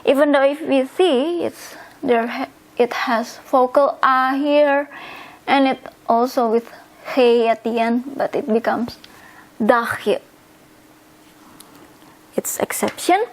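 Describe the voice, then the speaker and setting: Slow, high-voiced woman teaching vocabulary. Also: fairly even intonation, rough recording. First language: Indonesian. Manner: repeats words slowly, spells endings out. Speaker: language teacher. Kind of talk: slow instructional explanation.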